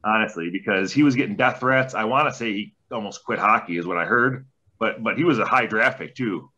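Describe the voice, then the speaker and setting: Ex-athlete, male, 40s, relaxed profane storyteller with a bright tone, recorded on dull lo-fi audio. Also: lowish voice, fairly quick. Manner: laid-back, heavy swearing, rambling anecdotes. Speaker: podcast guest, former junior hockey player. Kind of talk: casual storytelling interview.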